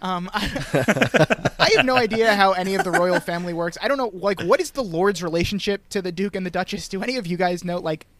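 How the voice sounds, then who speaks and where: A man's voice: high-pitched, a little fast, a bit bright, no room sound. A man from Long Island hosting a podcast, recapping a TV episode in casual chat and laughing often as he goes. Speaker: podcast host.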